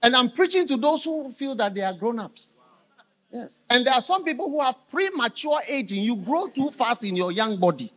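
Animated, high-voiced preacher. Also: male voice, moderate pace. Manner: call-and-response questions to the congregation; bursts into shouted emphasis. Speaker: bishop preaching. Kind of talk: live church sermon. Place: large church.

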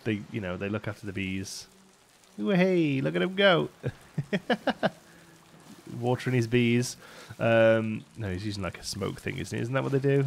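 A let's play host with a gravelly, mid-range voice chats casually over a city-building game as he plays, rambling, thinking aloud and laughing often.

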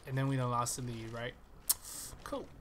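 A man's voice: medium pitch, flat delivery, normal speed, a bit bright, a little hiss or hum. A man giving profane, trash-talking live commentary over a shooter game he is playing. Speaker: gaming channel host.

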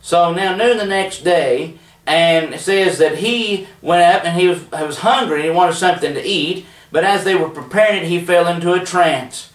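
A man's voice: high voice, moderate pace. A man teaching a televised Bible study in a plainspoken, folksy way, with frequent fillers and restarts. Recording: roomy echo, voice a bit distant from the mic.

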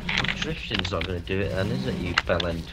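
A man's voice: deep voice, a little fast, very noisy. Teasing young guy on a call. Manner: teasing, crude jokes. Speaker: guest co-commentator. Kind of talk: casual banter over a voice call.

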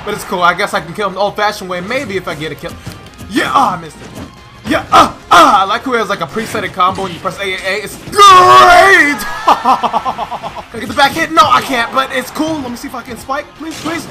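High-voiced man shouting gameplay trash talk. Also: lively intonation, quick pace, over music. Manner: loud, trash-talking, frequent shouting and laughing. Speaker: gaming commentator. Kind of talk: excitable gameplay commentary.

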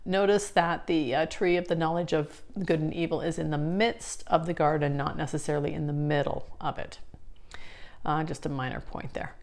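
A woman's voice: deep voice, moderate pace. A woman explaining scripture in a casual teaching talk, chatty and full of fillers and restarts. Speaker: Bible study teacher.

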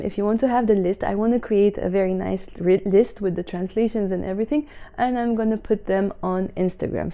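Lebanese lady giving a chatty vlog lesson, soft mellow voice, takes it slow and careful. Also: medium pitch. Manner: slow careful word-by-word explanations. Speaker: Arabic teacher.

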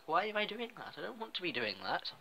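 A man's voice: high-pitched, sing-song, fast talker, creaky, very noisy. A man giving casual let's-play commentary, chatty and self-mocking as he rambles. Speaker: gameplay commentator.

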